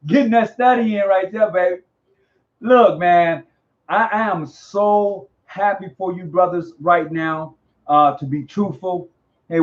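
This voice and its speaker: A man hosting a casual live online interview, talking in an animated, slangy way and often repeating himself. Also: on the high side. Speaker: host. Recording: dull lo-fi audio.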